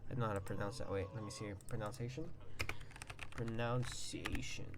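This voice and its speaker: A young man streaming a visual novel, reading the text aloud and reacting with loud exclamations and swearing. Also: lowish voice, racing, heavy background noise. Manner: excitable, swears and exclaims between read-out passages.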